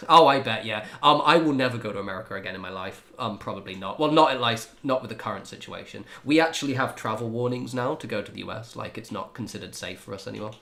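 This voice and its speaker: A man's voice: mid-range voice, fast talker, creaky, a bit bright. Laid-back man chatting on a game stream. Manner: laid-back, laughing, swearing freely. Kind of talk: casual livestream chat while gaming.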